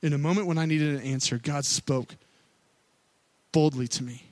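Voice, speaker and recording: A man in his thirties, a worship pastor, telling a personal story in a sermon with candid, conversational delivery that swings between loud pleading and quiet asides. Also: moderate pace, no echo. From Missouri. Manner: candid storytelling, rising to loud pleading then dropping low.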